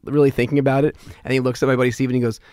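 A male comedian guest telling a story in casual chat, animated and peppered with filler words. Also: rapid-fire, clean tone, dry recording, clean studio sound. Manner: animated, peppered with "like", acts out quotes in higher voices.

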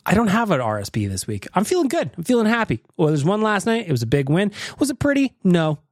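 A North American man hosts a casual podcast, animated and theatrical with a lively, swinging delivery. His voice sits a little high and sounds dry and close. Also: fast, no room sound. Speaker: podcast host.

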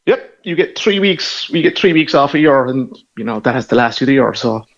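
A man's voice: mid-range voice, expressive, brisk, dull audio. Chatty Cork man telling a story. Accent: Cork Irish. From Ireland. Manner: chatty, anecdotal, self-deprecating. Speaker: guest. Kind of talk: casual interview.

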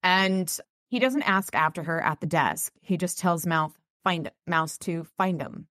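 A woman reads a novel aloud and sums it up in her own words, relaxed and a little halting. Her voice is low, and the recording is dry and close. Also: no echo. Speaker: podcast host reading and recapping a novel. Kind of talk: casual book reading and recap.

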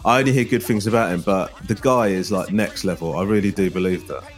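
A man's voice: low-pitched, fast, faint music behind. A man hosting a casual podcast chat, enthusiastic and sweary, with lots of fillers. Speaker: podcast host.

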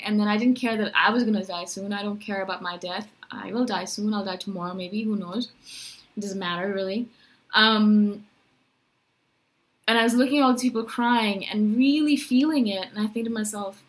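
A woman vlogger talking casually to camera, rambling and animated, full of "like" and self-questions. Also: medium pitch, fairly quick. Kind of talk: casual talking-head monologue.

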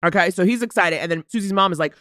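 A woman's voice: on the low side, racing, no room sound, studio quality. A woman co-hosting a casual film review, acting out characters' lines as she recaps. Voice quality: animated, acts out characters' lines. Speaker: podcast co-host.

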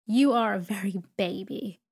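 A woman voicing a stern, imperious older aunt in a storybook reading, with a brisk, commanding manner. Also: mid-range voice, natural voice.

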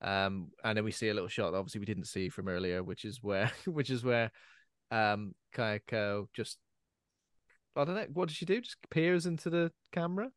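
A man's voice: fairly low pitch, expressive, normal speed, clear, resonant tone, no room sound, clean studio sound. A man co-hosting a podcast, recapping a film plot in a jokey way with lots of fillers. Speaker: podcast co-host. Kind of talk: casual podcast chat.

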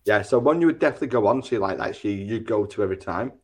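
A man co-hosting a casual podcast on an online group call. He explains the rules with jokey, dark exaggerations. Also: fairly low pitch, expressive, racing. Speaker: podcast co-host. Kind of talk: casual chat, explaining a game.

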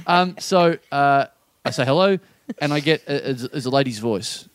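A man's voice: mid-range voice, moderate pace, clean tone, no room sound. A man hosting a podcast, telling a rambling comic story, often laughing at himself and getting sidetracked. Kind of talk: casual comedic storytelling.

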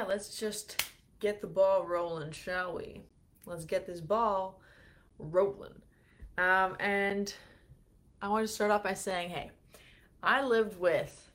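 A young woman chatting casually on a livestream as the host, talking freely with many fillers and acting out her own anxious thoughts. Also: lowish voice.

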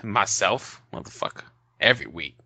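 A man's voice: lowish voice, expressive, normal speed, pushed and bright, no echo. A man co-hosting a casual comedy podcast, reading news stories aloud and riffing on them with swearing and laughter. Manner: profane, laughing, reads news aloud with jokes. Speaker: podcast co-host.

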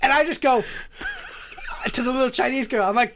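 Animated New man telling a story. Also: very high-pitched, normal speed, background noise. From New York. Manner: animated storyteller, acts out quotes, swears, laughs often. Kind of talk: casual storytelling chat.

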